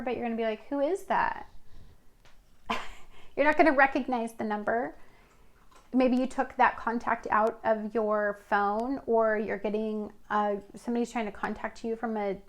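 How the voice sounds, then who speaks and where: Woman doing a tarot reading, rambly and chatty, kinda high voice, lots of ums. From Washington state. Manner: chatty, intuitive, rambling with fillers and laughs. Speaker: tarot reader. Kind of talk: casual tarot reading to camera.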